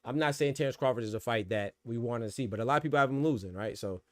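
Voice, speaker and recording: A man's voice: medium pitch, fast, no room sound. A man hosting a casual boxing podcast livestream, talking loosely in slang and laughing often. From Florida.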